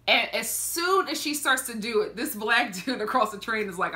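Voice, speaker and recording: A woman from Philadelphia telling a story in a casual reaction vlog, animated and laughing often. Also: a little high, normal speed, hardly any pauses, a little hiss or hum. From Philadelphia, USA. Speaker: reality TV reaction vlogger.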